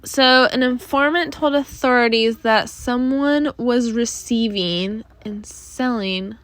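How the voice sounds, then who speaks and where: On her podcast, a young host talks slowly about the week's news in a rambling, casual way, full of fillers and sighs, as allergies trouble her. Her voice is a little high and a bit bright, with no echo.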